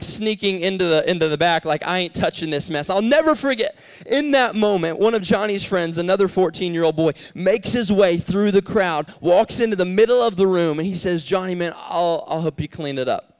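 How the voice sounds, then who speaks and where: A young youth pastor with a high, light, smooth voice gives a youth sermon a little fast. He tells a story with animated energy, pushing his voice up to act out characters, then settles into earnest preaching.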